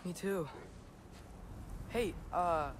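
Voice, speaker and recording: A man's voice: high-pitched, drawn-out words, background noise. An actor playing an earnest, eager teenage boy hero in a game. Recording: game audio over music.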